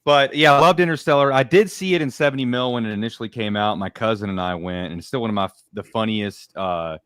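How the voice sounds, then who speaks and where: Smooth low-voiced male podcast storyteller. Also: quick pace, a bit bright, dry recording, clean studio sound. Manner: easygoing storyteller, hesitant fillers. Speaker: podcast co-host. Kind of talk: casual chat.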